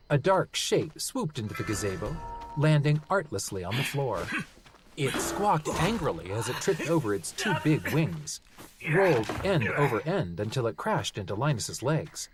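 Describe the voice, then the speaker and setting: A reader tells a fantasy novel aloud, voice sitting at a middle pitch. The delivery is expressive and wide-ranging, rising and falling with the story. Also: background noise. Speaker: audiobook reader. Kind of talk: audiobook narration.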